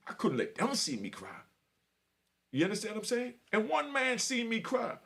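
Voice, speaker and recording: With a high, gravelly, fairly bright voice and huge pitch swings, a middle-aged vlogger speaks at normal speed about his time in prison. He's emotional and earnest, leaning on street slang and the repeated phrase "you know what I mean."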